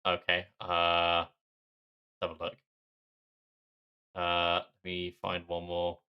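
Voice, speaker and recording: A man's voice: low-pitched, completely flat delivery, slow, smooth, lo-fi sound. A British man co-hosting a podcast in casual chat, with laconic, dry reactions. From Britain. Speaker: podcast co-host.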